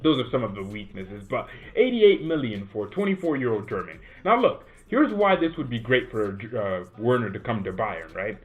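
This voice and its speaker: This man hosts a football fan channel, and his medium-pitched voice runs at normal speed with hardly any pauses. The commentary is casual, animated and rambling, often capped with "right?", recorded at home with a tinny, phone-like sound.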